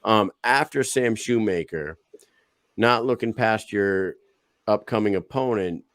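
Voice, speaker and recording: Deep-voiced male interview host. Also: fairly bright tone, no echo, clean studio sound. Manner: measured, leading questions. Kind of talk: interview questions.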